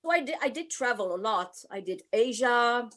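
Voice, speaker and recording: Older french lady on a video call, chatty guest, kinda high voice. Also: lively intonation, normal speed, a bit bright. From France. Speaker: guest, burlesque performer.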